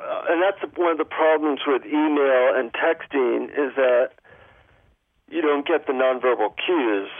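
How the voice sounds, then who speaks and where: Gravelly man on a phone line. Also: mid-range voice, no room sound. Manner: calm, explanatory, gives spoken examples. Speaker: guest, relationship author. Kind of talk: interview over the phone. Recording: tinny dry phone line.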